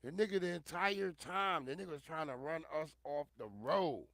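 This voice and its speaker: A man giving loud, profane, animated commentary on a casual livestream. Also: on the high side, moderate pace, gravelly, no echo, studio quality. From Northern Virginia. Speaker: streamer commentator.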